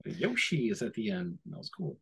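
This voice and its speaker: A man co-hosting a casual podcast, his voice a little husky and breathy. He rambles easily from topic to topic. When he quotes someone he jumps into lively voices. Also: mid-range voice, moderate pace. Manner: rambling, animated when quoting others. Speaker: podcast co-host. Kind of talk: casual chat.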